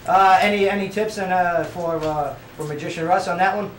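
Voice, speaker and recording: A man's voice: sits high, steady tone, brisk, roomy sound, a little hiss or hum. A man hosting a radio show, joking and teasing in playful studio banter, laughing often.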